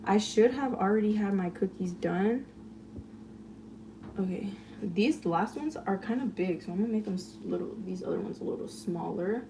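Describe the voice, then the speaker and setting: A woman's voice: medium pitch, normal speed, creaky, far from the mic, background noise. A woman chatting casually on a phone livestream, rambling through a story full of "like" and swearing while baking in her kitchen. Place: home kitchen, baking cookies.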